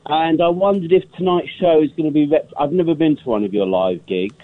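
A man's voice: a little high, brisk. A male radio caller with a dry, cheeky, teasing manner. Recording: tinny phone line.

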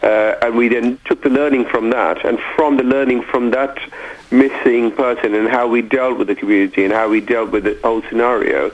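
A policeman talks down a tinny phone line, his words coming in halting bursts with lots of ums and uhs. His voice sits at a middling pitch for a man, and the narrow, phone-like sound flattens it. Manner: hesitant, full of fillers. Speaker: police chief inspector. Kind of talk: phone-in interview. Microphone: telephone.

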